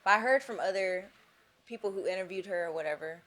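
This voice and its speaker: A woman's voice: medium pitch, fast, a bit bright. A woman co-hosting a casual podcast, giving her opinions in loose, filler-heavy talk. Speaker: podcast co-host. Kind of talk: casual group podcast chat.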